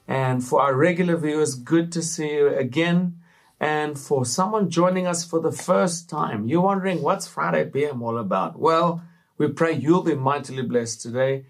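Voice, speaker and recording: Upbeat preacherly male talk-show host. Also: fairly high pitch. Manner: upbeat, preacherly, with frequent fillers. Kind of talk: casual faith talk to camera.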